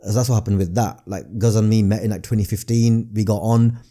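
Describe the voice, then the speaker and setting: A man, a guest comedian telling stories in a casual podcast chat, his pitch jumping up on emphasis. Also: fairly even intonation, quick pace, mellow. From northern England.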